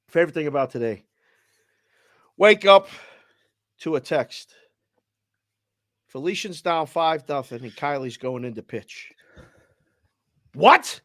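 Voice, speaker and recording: A man's voice: fairly high pitch, dry recording, clean studio sound. Man with a Boston accent telling a story. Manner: emotional, animated retelling with quoted voices. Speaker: sports betting show host. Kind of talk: casual storytelling.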